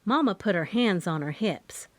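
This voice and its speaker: Woman, audiobook narrator, lively pitch, dry close sound, first-person storytelling. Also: normal speed, dry recording.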